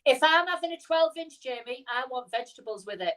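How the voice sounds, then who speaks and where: A woman's voice: sits high, expressive, fairly quick, a bit bright, poor audio. A British woman co-hosting a casual live stream over a video call, cheeky and bubbly, laughing often. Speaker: co-host.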